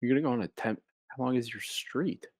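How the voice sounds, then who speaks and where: A man's voice: mid-range voice, a little fast, no room sound. A young man co-hosting a comedy podcast, telling rambling, playful stories in casual chat. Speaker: podcast co-host.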